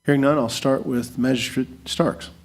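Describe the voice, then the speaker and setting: A man's voice: medium pitch, steady tone, normal speed, gravelly, faint music behind. A man serving as county judge and chairing a public meeting.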